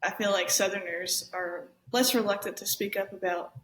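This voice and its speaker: A young woman in her twenties chats casually as a podcast guest, relaxed and full of fillers. Her faint Southern accent carries through a roomy, echoing space. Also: medium pitch, moderate pace. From Arkansas, US South. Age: 20s. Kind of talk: casual chat. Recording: echoey room.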